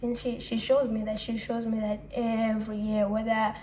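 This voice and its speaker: A woman's voice: fairly high pitch, level tone, normal speed, a little mellow, slight background noise, low-quality recording. Candid, reflective young woman vlogger. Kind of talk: emotional confessional monologue.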